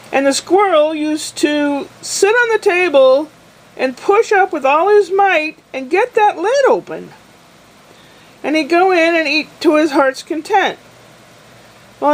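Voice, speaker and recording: Chatty older woman, slightly high voice. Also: low-quality recording. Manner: chatty and meandering, self-deprecating. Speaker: vlogger. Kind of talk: casual video diary.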